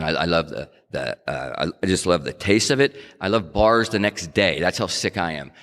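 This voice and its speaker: A man's voice: sits low, a bit bright. A man telling his own recovery story in a candid, wry, self-mocking way, like a speaker at a meeting. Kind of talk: casual storytelling talk. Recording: hall reverb.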